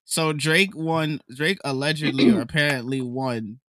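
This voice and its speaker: A man's voice: fairly high pitch, measured pace, a bit bright, no room sound. A man co-hosting a casual podcast chat in a playful, teasing way, often laughing along. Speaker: podcast co-host.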